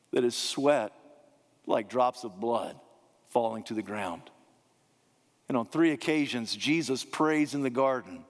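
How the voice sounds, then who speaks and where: A man preaching a sermon, emphatic, slowing down to repeat key phrases. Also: mid-range voice. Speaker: pastor. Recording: long hall reverb.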